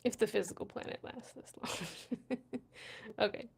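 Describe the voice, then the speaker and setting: A young woman talking casually on a livestream, with a middle-pitched voice. She chats loosely, leaning on fillers and "right?" at the ends of thoughts. She laughs easily as she reads and reacts to viewer comments. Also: unhurried, creaky, a little mellow, breathy edge. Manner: chatty, laughs often, many fillers like "right?" and "you know". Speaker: livestream host. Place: Morocco.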